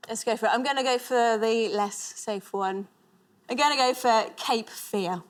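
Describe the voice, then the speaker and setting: A woman from Cambridge, a quiz contestant and singing teacher, explaining clearly. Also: on the high side, moderate pace. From Cambridge, England.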